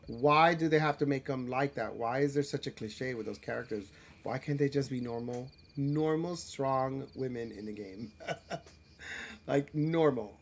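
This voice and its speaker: A man's voice: mid-range voice, a little slow. A man streaming a role-playing game live, talking in a rambling, self-deprecating way with frequent restarts and filler words. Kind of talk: casual live gameplay commentary.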